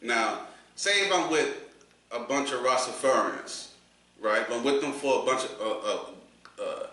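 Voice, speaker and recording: A man's voice: mid-range voice, expressive, measured pace, pushed and bright. A man, hosting a casual podcast chat, rambling and restarting often. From New York. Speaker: podcast host. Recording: echoey room, from a distance, faint noise.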